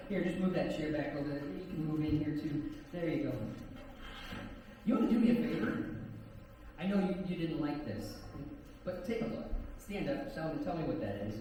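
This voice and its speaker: A man performing as a stage hypnotist, talking in slow soothing induction patter and teasing the volunteers between suggestions. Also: on the high side, warm tone. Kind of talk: live stage hypnosis show. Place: stage at a campground event. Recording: echoey hall, from far off, crowd audible. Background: audience laughing.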